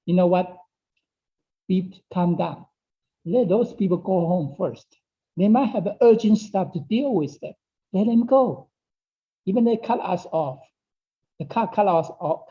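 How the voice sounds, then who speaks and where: The online Dao study class is taught by a man with a high voice, speaking English as a second language with non-native phrasing. He tends to repeat his phrases and asks "okay?" often to check on listeners, and the class audio is dull and lo-fi.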